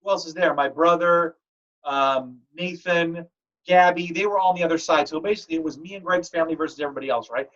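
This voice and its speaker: A man hosting a fantasy football league podcast, telling stories in a joking, animated way. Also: on the high side, fast. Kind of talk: casual podcast chat. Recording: dull lo-fi audio.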